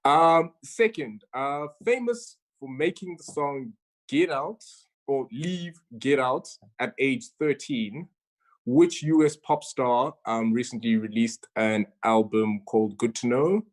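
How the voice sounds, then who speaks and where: A woman's voice: rumbling low, takes it slowly. Chatty woman reading quiz questions. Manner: chatty, stumbles and repeats words. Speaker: quizmaster. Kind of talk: casual online quiz hosting.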